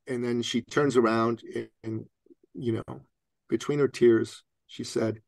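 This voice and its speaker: A man with a gravelly, creaky edge to his mid-pitched voice tells a personal story as a podcast guest. He is animated, often laughing and acting out the other people in his story. His voice sounds dry and close, with no room sound. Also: measured pace, no echo.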